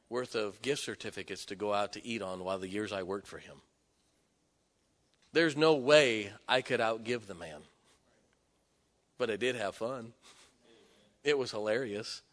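A man preaching a sermon, telling personal stories with emphatic, animated delivery. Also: mid-range voice. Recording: long hall reverb.

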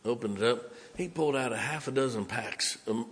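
A pastor preaching a sermon, telling a personal story with dramatic swings from loud emphatic bursts to hushed low lines. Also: male voice, brisk. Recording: long hall reverb.

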